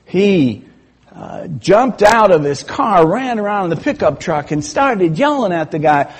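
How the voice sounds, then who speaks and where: Male preacher, high husky voice, slow measured sermon delivery, storyteller. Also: sing-song. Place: church.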